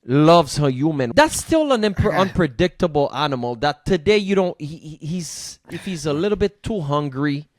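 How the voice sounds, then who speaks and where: Animated man reacting, lively pitch. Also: normal speed, few pauses, no room sound, studio quality. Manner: emotional, animated, repeats words. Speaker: co-host of a reaction channel. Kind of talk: casual reaction chat.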